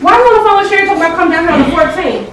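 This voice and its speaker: A young pregnant woman at home, quick and insistent as she questions her partner. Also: very high-pitched, animated, a bit bright, a little hiss or hum. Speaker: vlog co-host. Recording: echoey room, mic at a distance.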